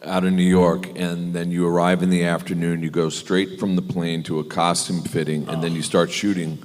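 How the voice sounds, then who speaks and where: A middle-aged American man, a guest on a convention panel, telling anecdotes in an animated way, mimicking other people and often laughing. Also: deep voice, moderate pace. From United States. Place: large convention hall. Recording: convention hall reverb.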